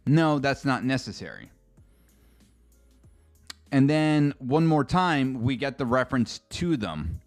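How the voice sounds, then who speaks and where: A man's voice: medium pitch, big pitch swings, takes it slowly, pauses often, soft background music. A man streaming a casual live reaction, rambling and chatty, swearing freely and talking straight to his chat.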